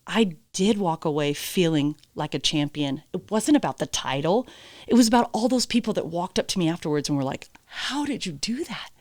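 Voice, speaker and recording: Blunt, emphatic woman with a low voice. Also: lively intonation, a little fast, darkish tone, no echo. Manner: emphatic and blunt, swears casually; acts out quoted dialogue. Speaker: podcast guest, horse trainer. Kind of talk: candid interview storytelling.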